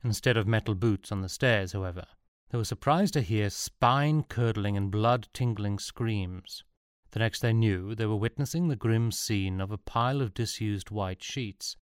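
A man reading a story aloud in a dry, even narrating manner. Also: fairly low pitch, smooth, dry recording.

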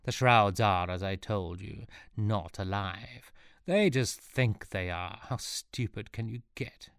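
A man voicing a sinister, gloating Roman trade leader in an audiobook reading, with a low voice. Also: slow pace, fairly bright tone, smooth, no room sound, studio quality. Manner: gloating, cruel laughter. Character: sneering sinister male Roman villain.

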